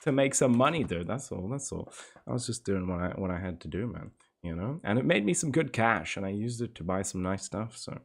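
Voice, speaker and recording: A man's voice: fairly low pitch, animated, gravelly. Man, 20s, game streamer, casual stream chat, laid-back, profane, storytelling. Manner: laid-back, swears a lot, spins stories with quick voice impressions.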